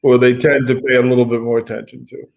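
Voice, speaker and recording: A man co-hosting a casual talk show, relaxed and repeating words as he starts a thought. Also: medium pitch, fast, vocal fry, highs cut off, slight background noise. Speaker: podcast co-host. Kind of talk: casual chat.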